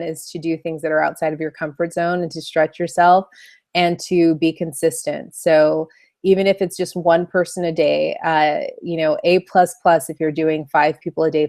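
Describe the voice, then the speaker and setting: A woman's voice: deep voice, a little mellow, no room sound, clean studio sound. A woman coaching in a casual video training, chatty and loose with many fillers. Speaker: online business coach.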